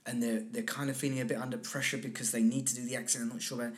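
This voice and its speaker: Fast-talking animated male dialect coach. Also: mid-range voice. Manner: animated, acts out little scenes in other voices. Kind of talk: casual interview chat.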